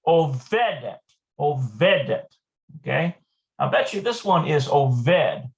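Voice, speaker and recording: A man with a fairly high voice and a gravelly edge of vocal fry walks through a language lesson in a relaxed, unscripted way. He thinks aloud and pauses to search for words. He repeats each word slowly as he teaches. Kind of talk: casual lesson walkthrough.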